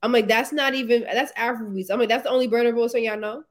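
A woman's voice: a little high, steady tone, fast talker. A woman in casual chat, blunt and profane, ranting and laughing.

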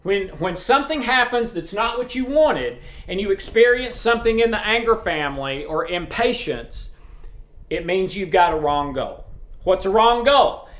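A man's voice: high voice, expressive, normal speed, fairly bright tone. A middle-aged man giving a sermon in a plain conversational teaching way, often checking in with his listeners. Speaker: preacher. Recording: roomy echo.

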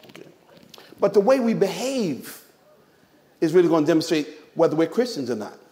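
A man with a notably high voice preaches to his congregation. He speaks with emphatic energy, firing off rhetorical questions and slipping in joking asides along the way. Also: big pitch swings, a little fast, warm tone. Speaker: pastor. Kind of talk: sermon.

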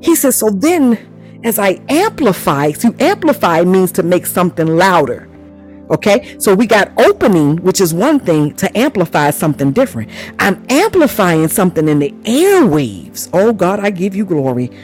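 A woman's voice: fairly low pitch, big pitch swings, moderate pace, darkish tone, faint music behind. A woman preaching a charismatic sermon, exclaiming, laughing often and breaking into tongues.

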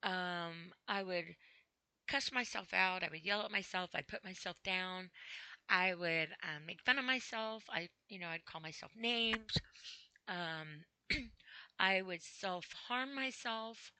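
A woman hosting a podcast, talking slowly and haltingly about her own feelings, with a dry throat that she clears often. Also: on the low side, sharp tone, dry recording, poor audio. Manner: slow, halting, with frequent throat clearing and sighs. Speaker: podcast host. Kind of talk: personal spoken reflection.

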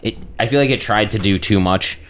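A man's voice: lowish voice, fairly quick, a bit bright, a little hiss or hum. A young man in casual podcast chat, hesitant with restarts, giving firm opinions.

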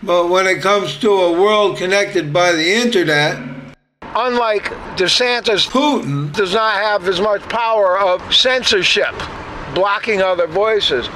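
A man with a high-pitched voice talks as a podcast host. He speaks casually and plainly, in a blunt and opinionated way, like someone thinking out loud to his listeners. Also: a little slow, a little hiss or hum, rough recording. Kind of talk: casual political commentary.

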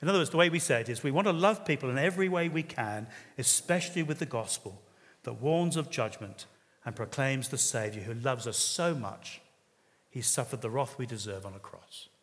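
A man's voice: medium pitch, brisk, fairly bright tone. A man preaching a sermon in an earnest, conversational way, with occasional hesitations. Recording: reverberant hall.

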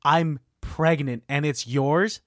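A man co-hosting a casual podcast, excitedly retelling movie scenes and his own trips. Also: a little high, takes it slowly, no room sound, clean studio sound. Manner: excitable, animated retelling with laughs. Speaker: podcast co-host. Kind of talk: casual chat about a movie.

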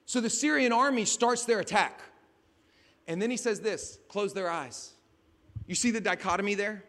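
Animated high-voiced male preacher in a hall. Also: moderate pace. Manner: animated and joking, acting out scenes with shouted asides. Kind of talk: sermon. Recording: long reverb of a large hall.

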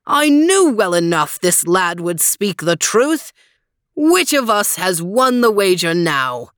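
A woman's voice: big pitch swings, slow, fairly bright tone, no echo, clean studio sound. A woman voicing a hearty, bellowing older lord and master in a storybook reading. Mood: jubilant. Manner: bellowing, booming.

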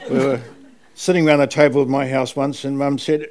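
A man's voice: mid-range voice, fairly quick. An older man with a New Zealand accent, an author telling family anecdotes on stage in a rambling way and laughing as he goes. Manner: animated, rambling anecdotes, laughing while he tells them. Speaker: author interviewed about a family memoir. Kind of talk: live on-stage conversation, storytelling.

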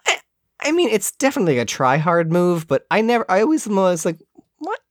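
A woman's voice: lowish voice, very animated, fairly quick, dry recording, studio quality. A woman co-hosting a podcast, chatting casually about a movie, laughing often and acting out the characters' lines. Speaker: podcast co-host.

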